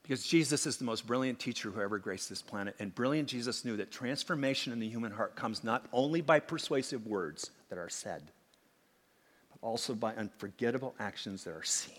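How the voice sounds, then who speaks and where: A man preaching a sermon, swinging from emphatic acted-out quotes to hushed asides. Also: mid-range voice, fairly quick. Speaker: pastor. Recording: long hall reverb.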